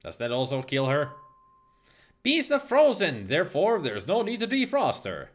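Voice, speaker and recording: Lively, wry man streaming a game. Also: medium pitch, fairly quick, soft background music. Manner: wry, joking asides to viewers. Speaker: let's play streamer. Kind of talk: casual gameplay commentary.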